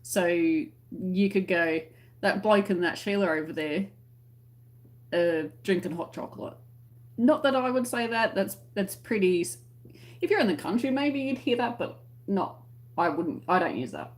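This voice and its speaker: A woman's voice: medium pitch, animated, unhurried. An Australian woman hosting a casual crochet livestream, chatting to viewers and giggling as she explains slang. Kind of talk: casual livestream chat reading comments.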